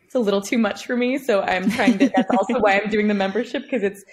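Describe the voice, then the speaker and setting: A chatty woman talks as a podcast guest about her work as a singing coach. Her voice sits at an ordinary middle pitch, and she keeps her talk loose and casual, scattering "like" through it. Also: fast, a little mellow. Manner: chatty, peppers speech with "like".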